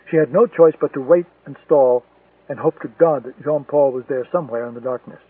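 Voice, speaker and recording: A man narrating a thriller audiobook in a steady, measured storytelling manner. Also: medium pitch, slightly rough, dry recording. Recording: tinny, distant, dry lo-fi recording.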